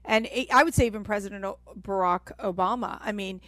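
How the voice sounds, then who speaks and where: A woman's voice: medium pitch, a little fast, a bit bright, no echo. A woman co-hosting a talk radio show, emphatic and opinionated. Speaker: radio co-host. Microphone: studio microphone.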